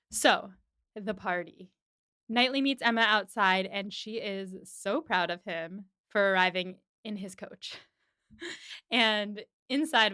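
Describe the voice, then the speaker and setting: A woman hosting a podcast, recapping an episode in a casual, animated way with quick voiced asides. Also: medium pitch, clear, resonant tone, no echo, clean studio sound. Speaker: podcast host.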